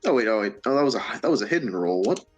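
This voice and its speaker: Game master, male, low voice, hesitant narration, faint music under. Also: expressive, dull audio. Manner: halting, many fillers and restarts, laughs often.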